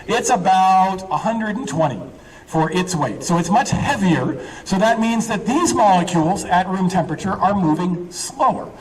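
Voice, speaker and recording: A man with a fairly high voice gives a chatty, filler-laden chemistry demonstration. The mic sits some distance from him, and a faint background hiss runs underneath. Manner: chatty, explanatory, many fillers. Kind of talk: live science demonstration.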